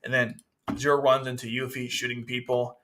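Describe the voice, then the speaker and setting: Guy doing a manga review, bright kinda tense voice, rambly, keeps restarting his sentences. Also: medium pitch, flat delivery, brisk. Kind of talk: casual commentary.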